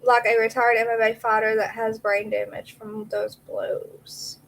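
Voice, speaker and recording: A woman's voice: a little high, level tone, unhurried, gravelly, a little hiss or hum, low-quality recording. Chatty woman hosting a live stream. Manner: chatty, answers viewer comments by name. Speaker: true crime live stream host. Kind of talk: casual live stream chat, reading messages aloud.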